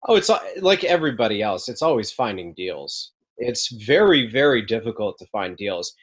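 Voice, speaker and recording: A man's voice: lowish voice, very animated, normal speed. A young man as a podcast guest, chatting casually and candidly, often restarting his sentences as he tells stories. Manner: candid, storytelling, frequent restarts. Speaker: podcast guest, mobile home park investor. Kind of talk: casual interview chat.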